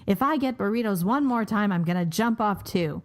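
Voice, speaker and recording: A woman's voice: mid-range voice, lively intonation, normal speed, close to an everyday voice. A woman voicing a frustrated male construction worker who exclaims in a told joke. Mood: exasperated. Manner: exclaiming, exasperated.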